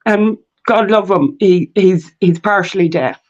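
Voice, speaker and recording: Irish woman (Mayo accent), podcast guest, animated storyteller who swears freely, middle pitch, slightly muffled recording. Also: a little slow. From Ireland. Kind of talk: telling her story in a podcast interview. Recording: dull lo-fi sound.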